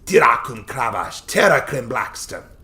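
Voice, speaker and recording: A man voicing an earnest female orc envoy who speaks slow, halting, broken English with a thick accent. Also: medium pitch, sing-song, pushed and bright, pitched above the performer's own voice. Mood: formal, earnest.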